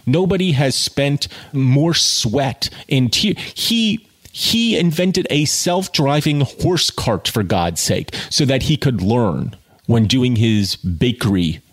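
A man's voice: mid-range voice, big pitch swings, slow pace. A man reading a novel aloud and breaking off into passionate, profane commentary to his listener. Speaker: reader and commentator. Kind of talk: audiobook reading mixed with casual commentary.

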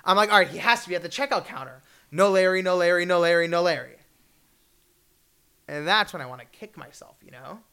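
A man in his twenties telling a story at a fireside chat, animated, acting out the people in it and laughing often. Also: high-pitched, brisk, vocal fry, clean tone. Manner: animated, acts out voices, laughs often, shouts in bursts.

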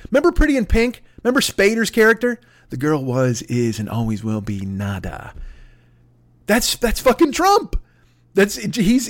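A man hosting a podcast, delivering a rambling, profanity-laden comedic rant with exasperated energy. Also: fairly high pitch. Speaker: podcast host.

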